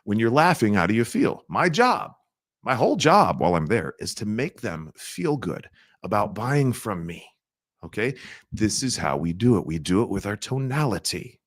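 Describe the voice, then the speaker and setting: A middle-aged man teaching a sales training, asking his audience questions and acting out soft-spoken sales lines. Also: lowish voice, big pitch swings, normal speed.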